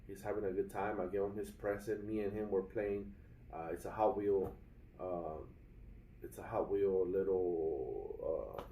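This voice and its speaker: A man's voice: low voice, mellow, echoey room, far from the mic, rough recording. A young adult man vlogging casually about a bad hotel stay, rambling with many fillers and restarts and calling his viewers guys. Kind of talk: casual vlog complaint. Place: hotel room.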